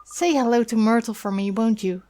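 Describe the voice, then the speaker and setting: A woman's voice: a little high, normal speed, warm tone, natural voice. Woman doing a fussy gossiping old lady. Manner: chatty, fussing, sentimental. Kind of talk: reading game dialogue aloud.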